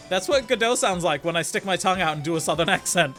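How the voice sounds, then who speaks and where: Male streamer, joking crude and self-mocking, bright voice, faint game music. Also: high-pitched, expressive, fast, few pauses. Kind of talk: casual let's-play chat.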